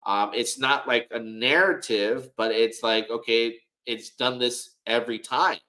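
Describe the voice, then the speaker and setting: A man's voice: mid-range voice, steady tone, measured pace, pushed and bright, low-quality recording. A man talks casually to his livestream viewers. He rambles and circles back, repeating words as he goes, yet sounds frank and self-assured. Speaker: livestream host.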